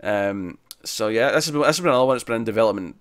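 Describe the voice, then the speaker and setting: A Scottish man co-hosting a casual movie news podcast, lively and joking. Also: fairly low pitch, very fast, dry recording, clean studio sound. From Scotland. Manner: animated, does joking put-on voices. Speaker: podcast co-host.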